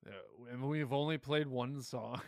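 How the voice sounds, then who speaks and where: Tipsy male co-host, laid-back, gravelly voice. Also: mid-range voice, measured pace, darkish tone, dry recording, studio quality. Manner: laid-back, laughing, swearing. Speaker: podcast co-host. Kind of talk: casual chat.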